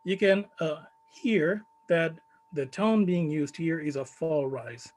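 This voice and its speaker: High-voiced man presenting research. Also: a little mellow, poor audio. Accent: Chilean Spanish. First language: Spanish. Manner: measured, many fillers, stresses key words. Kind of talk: conference talk.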